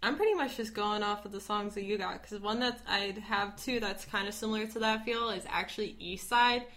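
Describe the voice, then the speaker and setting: Bright-voiced Midwestern young woman chatting. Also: mid-range voice, fairly quick. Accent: Midwestern American. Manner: chatty, laughs often, lots of "like". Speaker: podcast co-host. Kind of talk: casual chat.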